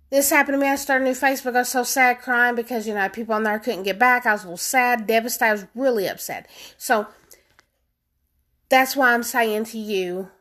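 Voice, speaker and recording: A woman talks straight to her viewers in a relaxed, storytelling vlog. Her voice sits a little high for a woman, and she leans hard on her points with animated emphasis. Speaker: vlogger.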